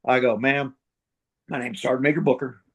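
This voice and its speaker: A middle-aged retired Marine sergeant major from middle America, telling war stories in a blunt, profane way and acting out the dialogue. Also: male voice, medium pitch, steady tone, moderate pace, fairly bright tone, husky. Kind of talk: casual storytelling interview.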